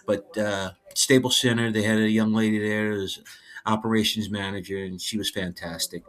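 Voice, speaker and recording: A man, a guest on a podcast, telling backstage stories in an animated, laughing way and acting out what people said. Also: lowish voice, moderate pace. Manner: lively, laughing, acts out quotes. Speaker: guest, former head of wrestling security.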